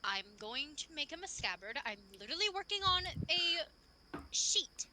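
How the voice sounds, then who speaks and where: A woman's voice: high-pitched, big pitch swings, moderate pace, background noise. A woman voicing a weary, grumbling male blacksmith in a tabletop game, tired and sighing.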